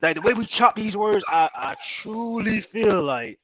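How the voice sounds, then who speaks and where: A man with a South Carolina accent in casual podcast chat, animated, swearing freely and often restarting his sentences. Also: high-pitched, measured pace, low-quality recording.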